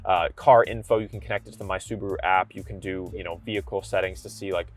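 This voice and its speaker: Enthusiastic male car reviewer, lowish voice, casual and chatty, faint music underneath. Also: fairly even intonation, fast. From Kentucky. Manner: upbeat, enthusiastic, conversational. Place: inside a car cabin.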